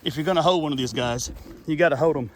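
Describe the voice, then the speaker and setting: A man's voice: a little high, fast, a little hiss or hum. Chatty folksy man outdoors. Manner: folksy, chatty, rambling with fillers. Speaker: channel host. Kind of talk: casual outdoor nature vlog. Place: outdoors by a backyard pond.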